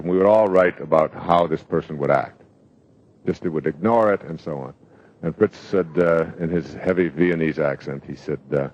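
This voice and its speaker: Low-voiced man telling stories. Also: a little mellow, lo-fi sound. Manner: storytelling, rambling with fillers. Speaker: self-help speaker. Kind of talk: live motivational talk.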